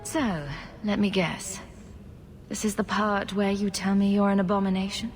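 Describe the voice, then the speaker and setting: A woman's voice: mid-range voice, level tone, moderate pace, faint music behind, lightly acted. An actress voicing a sardonic female hero in video game dialogue, with a dry, teasing manner.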